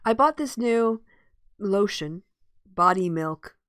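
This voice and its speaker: A woman's voice: medium pitch, expressive, takes it slowly, fairly bright tone, clear, resonant tone, no room sound, studio quality. A woman co-hosting a casual online chat show, rambling and laughing often. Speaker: podcast co-host. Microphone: video call.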